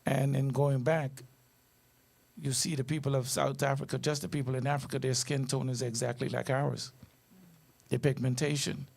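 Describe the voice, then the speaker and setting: Gravelly guy late fifties, earnest, talks slow and thoughtful on a live show. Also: medium pitch, level tone, darkish tone. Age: 50s. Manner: earnest, reflective, measured. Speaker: guest. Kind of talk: reflective interview talk.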